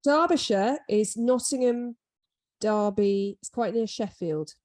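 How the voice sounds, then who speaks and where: A woman co-hosts a podcast in loose, rambling chat. She pokes fun at herself as she talks. Her voice sits at a middle pitch. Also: slow pace, darkish tone. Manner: rambling, self-deprecating. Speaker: podcast co-host. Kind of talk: casual chat.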